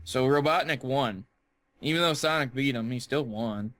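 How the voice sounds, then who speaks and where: A young man co-hosting a podcast in casual chat, joking and laughing with quick bursts of excitement. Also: mid-range voice. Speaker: podcast co-host.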